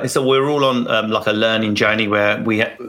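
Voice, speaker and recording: A man's voice: lowish voice, normal speed, fairly bright tone. A middle-aged man, a comedian giving candid interview answers in wry, rambling anecdotes with self-mocking asides. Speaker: comedian guest.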